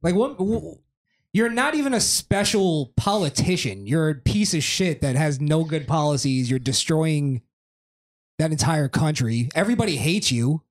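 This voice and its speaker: A man's voice: on the high side, normal speed. A man hosting a podcast in casual chat, ranting with lots of swearing. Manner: animated, profane ranting. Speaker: podcast host.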